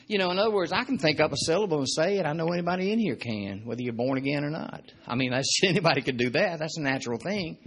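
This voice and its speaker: A man's voice: fairly high pitch, lively intonation, fast talker, hardly any pauses, slightly rough. A man preaching a sermon in a conversational, joking way, often repeating his points. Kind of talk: sermon teaching.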